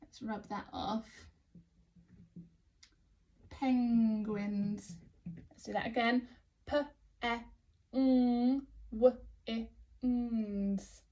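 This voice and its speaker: A woman with an English accent teaching phonics to young children, sounding out letters slowly and praising often. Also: a little high, steady tone, dark tone. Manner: slow, sounding out letters, encouraging. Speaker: early years teacher.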